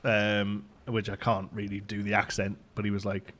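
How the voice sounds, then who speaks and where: A man's voice: fairly low pitch, completely flat delivery, normal speed, fairly bright tone. A man chatting casually with his audience while streaming a game, laughing often as he talks. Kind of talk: casual live-stream chat. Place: home in Ontario, Canada.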